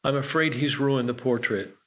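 A man's voice: medium pitch, normal speed, fairly bright tone, lightly acted. Grounded everyday man, reassuring and easygoing, read by a male narrator. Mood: kind, reassuring. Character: calm, friendly grown man who looks out for others.

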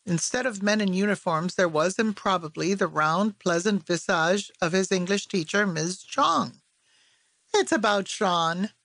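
A woman narrating literary fiction as an audiobook, in a measured, even storytelling voice on a close mic. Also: fairly low pitch, gravelly, no echo.

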